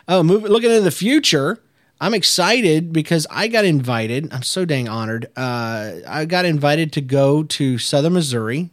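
A man in his thirties talks casually on his podcast, upbeat and chatty, often restarting his sentences. His voice sits in a middle pitch. The sound is dry and close to the mic. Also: dry recording. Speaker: children's pastor and podcast host.

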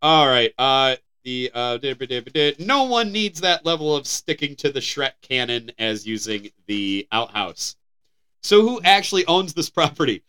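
With a mid-range voice that swings widely in pitch, this American podcast co-host reads headlines at a moderate pace. His tone is pushed, bright and clean, and his delivery is casual and jokey, with the odd stumble over words.

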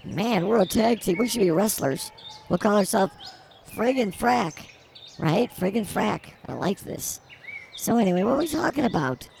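A woman's voice: medium pitch, lively intonation, normal speed, vocal fry, a little mellow, slight background noise. A woman co-hosting an improvised comedy podcast outdoors at a zoo, rambling in silly, mock-defiant banter. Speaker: podcast co-host.

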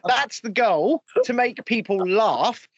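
A man's voice: high voice, animated, takes it slowly, no room sound, dull audio. A man hosting a casual podcast chat, joking loosely and swearing. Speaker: podcast host.

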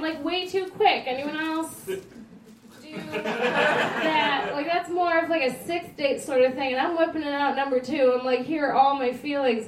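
A high-voiced young woman in her twenties doing self-deprecating stand-up, stumbling through little fillers. She is picked up from across an echoing room with faint background noise. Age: 20s. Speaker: stand-up comedian. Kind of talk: stand-up comedy. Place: comedy venue, stage. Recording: echoey room recorded from a distance.

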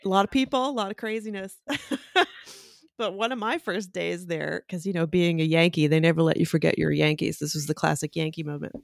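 A woman's voice: lowish voice, a little fast, creaky, no room sound. Chatty woman host, close and dry. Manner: animated storyteller, laughs often. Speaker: podcast host. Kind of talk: casual chat.

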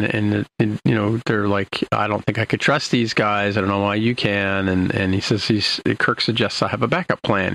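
Gravelly older man rambling through a recap. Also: fairly low pitch, fairly bright tone, poor audio. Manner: rambling, many fillers and restarts. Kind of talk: casual episode recap.

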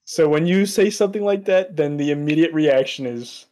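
A man's voice: on the high side, moderate pace, darkish tone. A young man co-hosting a podcast, trading teasing banter in casual chat and laughing often. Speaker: podcast co-host.

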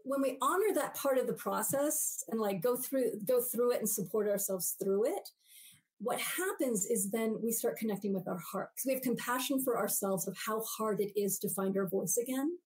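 Animated woman guest, higher voice. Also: moderate pace, low-quality recording. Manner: animated, acts out everyday voices while explaining. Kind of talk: podcast interview.

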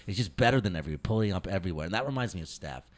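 Profane excitable man hosting a podcast. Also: sits low, very fast. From Indiana. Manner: profane, excitable, loud bursts of laughter. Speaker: podcast host. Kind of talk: casual comedy podcast chat. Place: comedy club, recorded live.

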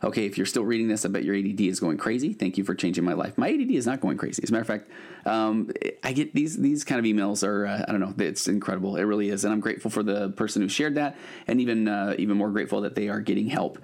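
Fast-talking man hosting a podcast. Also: fairly low pitch, darkish tone. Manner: conversational, with frequent fillers and restarts. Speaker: podcast host and therapist. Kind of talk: casual podcast intro and ad read.

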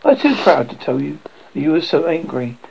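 A man's voice: fairly high pitch, sing-song, fairly quick, gravelly, darkish tone, highs cut off, a little hiss or hum. A man voicing the faint, weary ghost of a dead young wife, speaking in a hollow, pleading tone. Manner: pleading, tender.

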